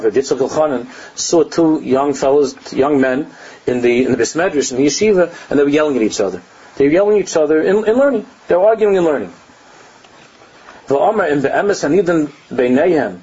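A man's voice: a little high, a little mellow, breathy edge. An older man, a rabbi giving a Torah class, telling stories animatedly, laughing at his own anecdotes and mixing Hebrew and Aramaic phrases into his English. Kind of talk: Torah lesson with storytelling. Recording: dull lo-fi recording.

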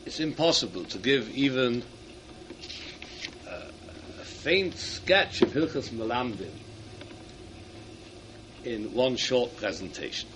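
A man giving a Torah lecture to teachers. He reads Hebrew sources in quick bursts and then explains each one in English. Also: medium pitch, lively intonation, a bit bright, slight background noise. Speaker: rabbi speaking to teachers. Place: hall at an event.

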